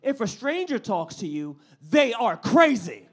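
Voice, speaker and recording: Animated stand-up comedian from New York City. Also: male voice, sits high, moderate pace, hardly any pauses, slightly rough. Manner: animated, conversational with the crowd. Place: live on stage at a club.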